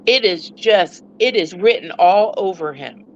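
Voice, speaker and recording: A woman's voice: mid-range voice, unhurried, a little hiss or hum. A woman on a sports podcast panel, upbeat and laughing in casual chat. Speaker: panel co-host. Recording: dry, dull lo-fi audio.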